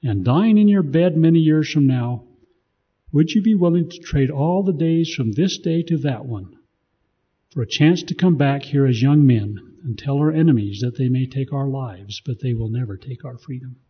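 A man's voice: mid-range voice, lively intonation, brisk, slightly rough, dull audio. A man voicing a defiant rebel leader who rouses his men with declamatory speech. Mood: rousing. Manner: rousing, declamatory.

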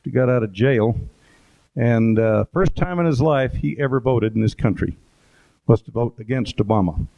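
A man's voice: medium pitch, moderate pace. Rambling man giving an anecdotal talk. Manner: rambling, anecdotal, with fillers and asides. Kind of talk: informal presentation with photos. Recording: dull lo-fi recording.

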